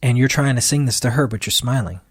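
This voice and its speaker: A man's voice: medium pitch, fast, slightly rough, dry recording. Guy telling his story on a podcast, plays out the quotes, dry close sound. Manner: animated retelling that acts out quoted dialogue. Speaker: guest musician.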